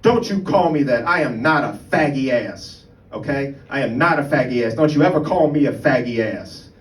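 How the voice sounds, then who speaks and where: A man's voice: mid-range voice, expressive, moderate pace, lightly acted. A man acting out his indignant gay friend telling off a heckler, during a stand-up comedy set. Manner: indignant, emphatic, defiant. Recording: roomy live room, mic far off, background noise.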